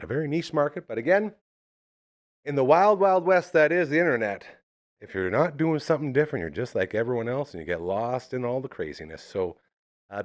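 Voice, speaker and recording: Guy hosting a live podcast, lively up and down voice, chats to his dog on air. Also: medium pitch. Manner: chatty, animated, talks to his dog on air. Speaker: host.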